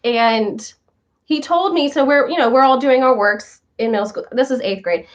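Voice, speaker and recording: A young woman from the northern United States chats casually with her viewers in a high, bright voice. She tells stories with lively quoted voices. The recording sounds a little dull and lo-fi. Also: moderate pace. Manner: chatty, animated storytelling with quoted voices. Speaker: show host.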